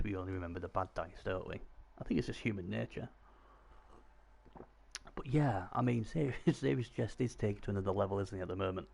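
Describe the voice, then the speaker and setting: A man commentating live on a video game stream, chatty and excitable, talking to his viewers. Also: fairly low pitch, fast, gravelly. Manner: chatty, excitable, talks to chat.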